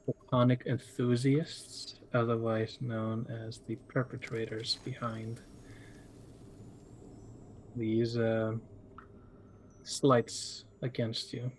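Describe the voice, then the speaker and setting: A man playing a tabletop game in casual talk, halting and restarting his phrases. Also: mid-range voice, level tone, a little mellow, slight background noise. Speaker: player.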